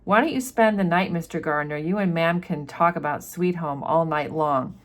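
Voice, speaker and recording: A woman's voice: sits low, moderate pace, lightly acted. A woman reading the lines of a lonely teenage girl who sounds sulky and resentful. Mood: sarcastic.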